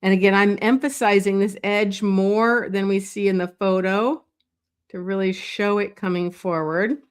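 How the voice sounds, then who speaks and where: In a clear, resonant, medium-pitched voice, a woman leisurely talks her way through a live drawing. Her commentary meanders and self-corrects, with restarted sentences, light laughter and friendly asides to viewers; it feels like a teacher sketching at your side.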